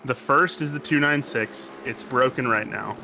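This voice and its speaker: A man's voice: medium pitch, gravelly. A man with an American accent giving casual, joking commentary on a sim race. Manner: jokey, rambling, quick to banter. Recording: noisy stream audio.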